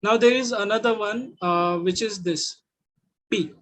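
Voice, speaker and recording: A man with an Indian English accent teaching Mandarin sounds in an online class, repeating each sound slowly. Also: high voice, a bit bright.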